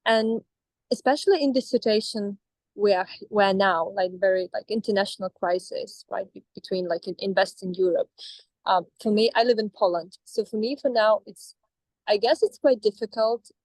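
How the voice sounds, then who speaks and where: A woman's voice: mid-range voice, no room sound, poor audio. Hesitant Russian-accented woman, dry sound. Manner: hesitant, with frequent restarts and fillers. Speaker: coaching client. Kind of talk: conversational coaching session.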